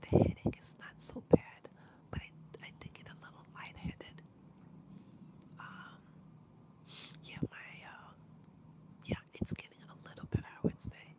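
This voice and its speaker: A woman with laryngitis talking in a whisper with her mouth close to the mic, chatting casually on a livestream with many pauses and fillers. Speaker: livestream host.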